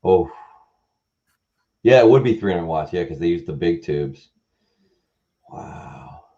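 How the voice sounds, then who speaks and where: Deep-voiced rambling man on a dull line. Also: animated, takes it slowly, warm tone. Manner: rambling, easygoing. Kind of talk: casual livestream chat.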